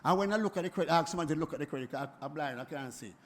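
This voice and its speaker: A Jamaican man in his seventies, speaking at a forum in an animated, emphatic way that keeps circling back and repeating itself. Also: a little high, very fast. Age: 70s. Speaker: music producer speaking at a forum. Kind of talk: impassioned spoken address.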